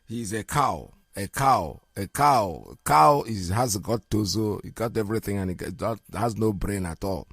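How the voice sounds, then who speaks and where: A gravelly-voiced middle-aged man hosts a live radio broadcast. He talks in an emphatic, insistent way, doubles up on words and breaks into laughter. The sound is dry and close, with no room around it. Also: lowish voice, expressive, normal speed, hardly any pauses, fairly bright tone, no echo. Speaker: radio show host.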